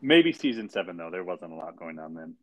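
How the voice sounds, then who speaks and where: A man's voice: sits low, big pitch swings, brisk, lo-fi sound. A man co-hosting a podcast in casual chat, recapping a TV episode with dry, wry asides. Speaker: podcast co-host.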